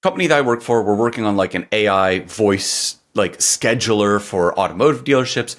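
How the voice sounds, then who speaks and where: A man's voice: fairly low pitch, expressive, brisk. A man co-hosting a podcast in casual chat, wry and sarcastic as he tells stories. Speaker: podcast co-host.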